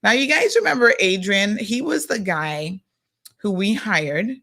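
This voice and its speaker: A woman hosting a casual local news chat, chatty and animated, full of asides and fillers. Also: medium pitch, a little slow. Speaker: host.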